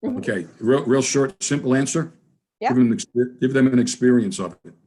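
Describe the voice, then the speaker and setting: A man's voice: medium pitch, lively intonation, brisk, dark tone. A man giving a conversational masterclass, telling stories and acting out quoted dialogue. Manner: conversational, repeats words, acts out quoted dialogue. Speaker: NLP trainer giving a masterclass. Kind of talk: storytelling lecture.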